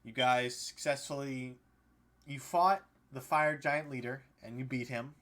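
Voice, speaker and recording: A man's voice: mid-range voice, a little slow, fairly bright tone. Guy dm-ing a tabletop game, medium voice, rambly and casual, lots of uhs. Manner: casual narration with frequent fillers and restarts. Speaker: game master. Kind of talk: narrating a tabletop game over a call.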